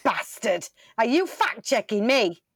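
A woman's voice: fairly high pitch, very animated, unhurried, dry recording, clean studio sound. Woman playing a bossy know-it-all baker. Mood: cocky. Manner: swearing, confidently making up facts. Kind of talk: improv comedy scene.

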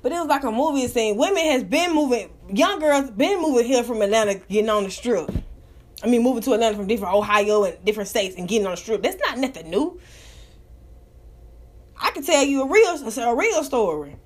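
A woman's voice: a little high, a little fast. Blunt, profane woman ranting to listeners. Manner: blunt, profane, animated with sudden loud outbursts. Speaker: live audio room host. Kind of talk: casual storytelling rant.

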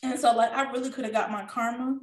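High-voiced woman in an echoey room. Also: steady tone, fast talker. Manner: candid, emotional storytelling with frequent profanity. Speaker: podcast co-host. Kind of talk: casual chat.

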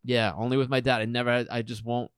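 A man's voice: medium pitch, fast, clear, resonant tone, dry recording, studio quality. A man, co-hosting a casual podcast chat and telling stories with a lot of swearing. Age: 40s. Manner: animated storytelling, swears casually. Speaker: podcast co-host.

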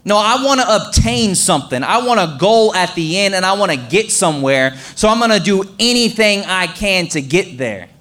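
A man's voice: high voice, expressive, moderate pace, few pauses, a bit bright. A young man preaching a casual, conversational sermon as a pastor, full of fillers and acted-out quotes.

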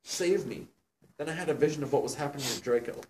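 A man co-hosting a comedy show, reading a fan fiction aloud dramatically and laughing at it, sometimes putting on squeaky voices. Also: fairly even intonation, very fast, distant mic, noisy background. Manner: mocking, laughing, breaks into loud squeaky character voices.

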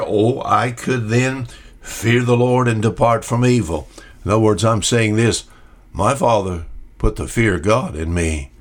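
A man's voice: on the low side, unhurried. An older man giving a short radio Bible talk as preacher, folksy, often repeating questions and answering imagined listeners.

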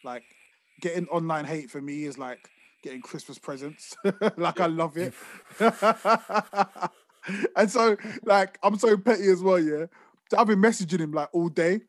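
Young man, slightly high voice, dry close sound, casual storytelling podcast. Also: unhurried, no room sound. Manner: laughing, swearing, animated storytelling. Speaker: podcast co-host. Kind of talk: casual chat.

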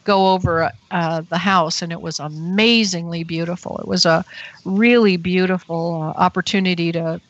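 A middle-aged woman, a radio show guest, telling her story casually with many fillers and quick laughs. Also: on the low side, steady tone, no echo. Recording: dull lo-fi internet radio audio.

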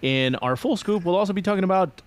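Male podcast host, slightly high voice, relaxed and chatty explainer. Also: fast talker, a little hiss or hum. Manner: relaxed, talks through topics with fillers and laughs. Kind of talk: casual chat, introducing topics.

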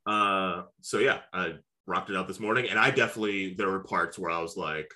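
Very deep-voiced joking man. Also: brisk, few pauses, pushed and bright. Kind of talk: casual chat.

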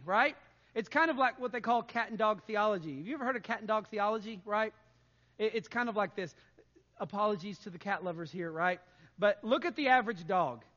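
A man preaching a sermon as pastor, conversational and animated, often adding "right?" to his points. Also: sits high, long reverb tail, dull audio.

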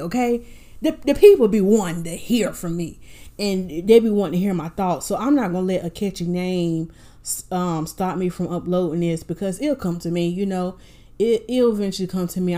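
A woman's voice: mid-range voice, warm tone. A woman from North Carolina talks straight to her listeners on her own podcast. She is chatty and sassy, and she keeps encouraging them. She corrects herself as she goes. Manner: chatty, sassy and motivational, with laughs and self-corrections. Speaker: podcast host. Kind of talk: casual solo podcast talk.

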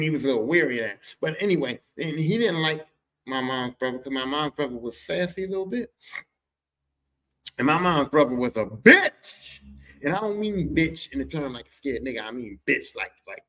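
A man telling a family story on his podcast, profane, slangy and animated. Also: medium pitch, a little fast. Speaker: podcast host. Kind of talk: comic storytelling.

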